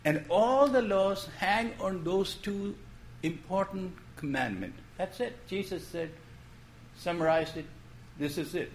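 A man preaches a sermon in a slightly high voice, his pitch rising and falling a great deal as he asks questions and then softens for tender moments. He takes his time, and a faint hum of the room sits behind him. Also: expressive, unhurried. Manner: gentle, storytelling preacher with rising questions and soft drops. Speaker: pastor.

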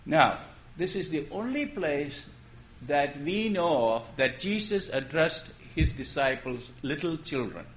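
Slow, expressive male preacher. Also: fairly high pitch, slight background noise. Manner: gentle, storytelling preacher with rising questions and soft drops. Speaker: pastor. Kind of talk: sermon.

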